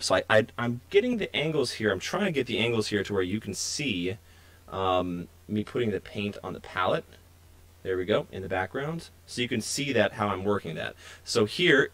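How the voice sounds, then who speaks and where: A young man with a lowish voice hosts a casual painting stream. He chats with viewers in a loose, friendly ramble as he works, recorded close and dry with no room sound. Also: dry recording. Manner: relaxed, chatty, talks to viewers while working. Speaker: miniature painting stream host.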